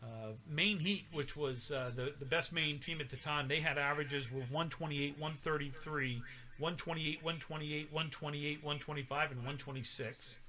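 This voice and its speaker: A man's voice: a little high, fairly even intonation, a little slow, bright, forceful tone. A middle-aged man co-hosting a podcast in casual chat, rambling through old scores with many fillers. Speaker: podcast co-host.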